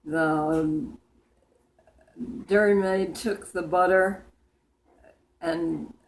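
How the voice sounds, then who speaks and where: A woman of about a hundred reciting humorous poems from memory, in a deliberate way with small slips and restarts. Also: on the low side, fairly even intonation, rough recording. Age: about 100.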